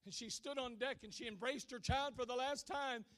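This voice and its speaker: A preacher with a high-pitched male voice delivers a sermon as a dramatic story. He drops to a hush for the key lines and then climbs back up to near-shouting. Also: moderate pace, hardly any pauses.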